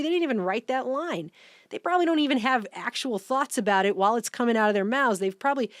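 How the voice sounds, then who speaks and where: A woman's voice: medium pitch, no room sound, studio quality. A woman giving opinion commentary in a sarcastic, indignant way, picking up speed when she gets worked up.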